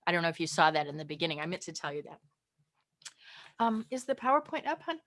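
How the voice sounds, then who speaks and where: A woman's voice: on the low side, fast. Chatty woman teaching an online class. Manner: chatty, lively, acts out tones.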